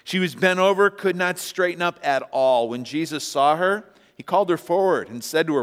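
A male pastor with a slightly high-pitched voice delivers an animated sermon, retelling the story with emphatic peaks. He asks the congregation to answer him. His voice carries a long reverb from a church sanctuary. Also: normal speed, hardly any pauses.

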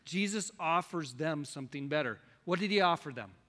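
Male preacher, slightly high and forceful, quizzes his congregation, recorded in a reverberant church hall. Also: expressive, fairly quick. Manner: questions the congregation, swings between loud and soft. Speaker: pastor. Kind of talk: sermon.

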